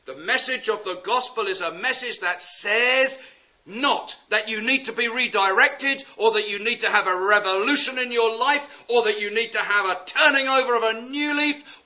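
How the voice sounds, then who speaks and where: A man preaching a sermon, impassioned and pleading, swinging from loud urgent appeals to hushed words. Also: sits high. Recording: dull lo-fi sound.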